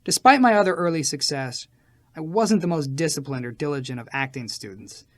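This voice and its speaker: Animated man reading a memoir aloud. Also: a little high, fairly quick. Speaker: audiobook narrator. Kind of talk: first-person memoir reading.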